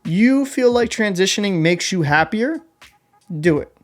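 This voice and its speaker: A man's voice: high voice, expressive, unhurried, soft background music. A young man hosting an opinion vlog, talking in a blunt, heated and combative way. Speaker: vlog host. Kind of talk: opinion commentary rant.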